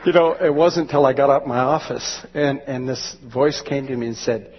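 A man's voice: medium pitch, normal speed, hardly any pauses, a faint crowd, slight background noise. A male pastor preaching a sermon with fervent, rising exclamations. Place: church sanctuary. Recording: dull lo-fi church recording with long reverb.

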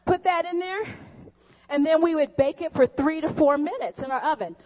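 Her voice sits high and moves at normal speed as she hosts a comedic cooking skit, bantering and joking with the audience. It's captured in a dull, lo-fi recording.

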